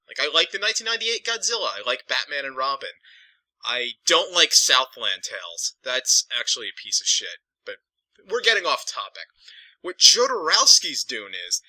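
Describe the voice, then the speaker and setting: A man's voice: mid-range voice, very animated, normal speed, sharp tone, no room sound, poor audio. A man reviewing films in a casual, digressive, profane ramble. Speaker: film reviewer.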